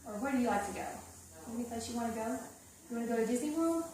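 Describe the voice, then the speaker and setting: A woman's voice: a little high, expressive, fast, a little mellow, slight background noise. A woman giving a one-on-one piano lesson, singing counts aloud and coaxing her pupil along with frequent check-ins. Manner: sings counts and rhythms aloud while explaining; upbeat and coaxing, checks in with "okay?". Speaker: piano teacher. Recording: echoey room, far from the mic. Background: piano playing.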